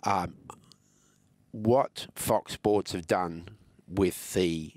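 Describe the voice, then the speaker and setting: A man's voice: low voice, drawn-out words, a little mellow, no room sound. A middle-aged Australian man with a scratchy, coughing throat, rambling and self-mocking with frequent ums in a casual podcast interview. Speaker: former motorsport executive, guest.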